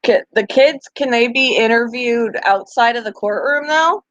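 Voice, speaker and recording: A woman's voice: a little high, a little slow, a bit bright, no room sound, highs cut off. A young woman hosting a casual live-stream chat about her pets, answering viewers' comments as they come in. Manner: chatty, talks back to viewers' comments. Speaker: pet channel host.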